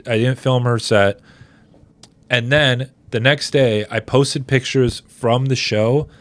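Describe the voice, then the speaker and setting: A man's voice: mid-range voice, no room sound. A man co-hosting a casual comedy podcast, telling a story in a rambling way with restarts. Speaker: comedy podcast co-host and show producer.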